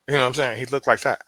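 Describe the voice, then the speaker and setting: A podcast guest from Pennsylvania, speaking in a mid-range voice, tells a story in casual chat, animated and profane as he acts out quoted dialogue.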